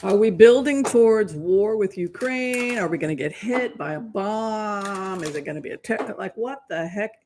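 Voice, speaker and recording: A woman's voice: mid-range voice, animated, moderate pace, hardly any pauses, darkish tone, slight background noise. A woman hosting a casual tarot reading livestream, earnest and at times dropping to near whispers. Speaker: psychic livestream host.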